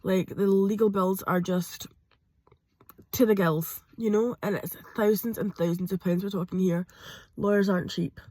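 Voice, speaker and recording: A woman talking hesitantly to camera from a parked car, pausing often with ums. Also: medium pitch, fairly even intonation, mellow, dry recording. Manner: hesitant, with frequent ums and pauses. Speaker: vlogger. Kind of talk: personal confessional vlog.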